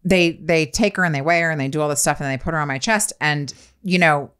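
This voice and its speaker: A woman in her thirties telling a story on a casual podcast, animated and profane, acting out the dialogue. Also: low voice, fast talker, smooth. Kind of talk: casual chat.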